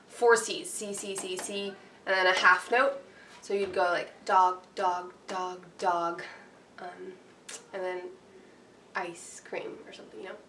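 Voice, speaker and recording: A woman piano teacher talking through a worksheet in a casual, chatty way, full of fillers and quick checks with her listeners. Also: medium pitch, bright, forceful tone, slight background noise. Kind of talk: casual instructional walkthrough. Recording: roomy, distant mic with faint ambience.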